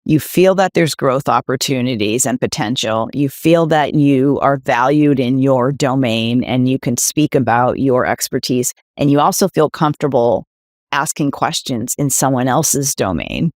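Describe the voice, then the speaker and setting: A woman's voice: extremely low pitch, moderate pace, darkish tone, no echo, studio quality. A middle-aged woman executive, a guest in an interview, speaking emphatically and asking rhetorical questions. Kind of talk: candid interview conversation.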